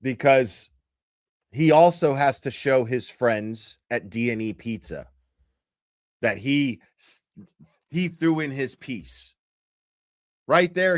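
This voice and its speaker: Foul-mouthed guy ranting over clips, dry close mic, mid pitch. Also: no room sound. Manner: blunt, crude, swearing often. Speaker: commentary streamer. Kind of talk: profane casual commentary over video clips.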